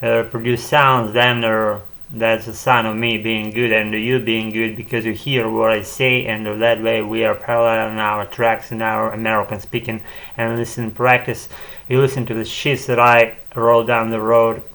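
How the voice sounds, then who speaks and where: A man's voice: lowish voice, flat delivery, normal speed, vocal fry, a bit bright. A man at home, talking on in a rambling solo monologue with many fillers and restarts, and casual swearing. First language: Ukrainian. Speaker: channel host practicing spoken English.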